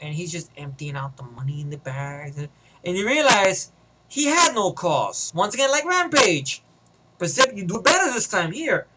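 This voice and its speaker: Man, high voice, loose rambling, filler-heavy, movie-idea vlog. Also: animated, normal speed, very noisy. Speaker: vlogger. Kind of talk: casual retelling of a movie idea.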